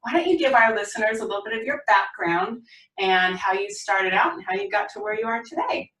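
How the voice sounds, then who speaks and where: A woman's voice: fairly high pitch, expressive, brisk, a bit bright, echoey room, far from the mic, rough recording. A woman hosting a podcast interview, gushing and enthusiastic as she introduces and questions her guest. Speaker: podcast host.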